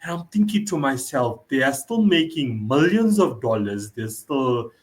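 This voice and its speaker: A man of middle pitch hosts a relaxed interview conversation. He talks in a loose, chatty way, circling back to repeat his main point, and he peppers his lines with "you know". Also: unhurried.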